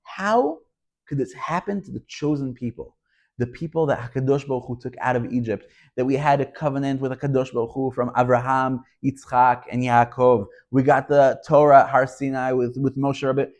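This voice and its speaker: A rabbi gives a Torah lesson in an emphatic, storytelling voice. This man keeps raising rhetorical questions and presses each point home, in a middle-pitched voice. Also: steady tone, fairly quick, darkish tone. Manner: storytelling delivery. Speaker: rabbi teaching.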